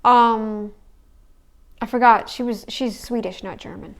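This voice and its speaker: A woman's voice: a little high, steady tone, unhurried, gravelly. A woman giving rambling, sarcastic reaction commentary who talks back to the video she is watching.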